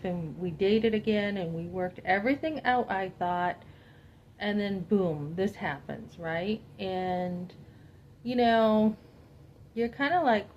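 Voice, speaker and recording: A woman recounts a personal story in candid testimony, lively and direct, slipping into quoted dialogue and speaking straight to her listeners. The recording is slightly muffled and lo-fi, with a faint hum of room ambience behind her. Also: mid-range voice. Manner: animated, quotes herself and others in dialogue, addresses listeners directly.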